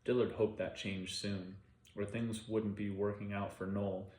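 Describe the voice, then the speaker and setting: A man narrating an audiobook in an unhurried, plain reading style. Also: lowish voice, level tone, darkish tone. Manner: unhurried plain reading with occasional self-corrections. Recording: roomy echo.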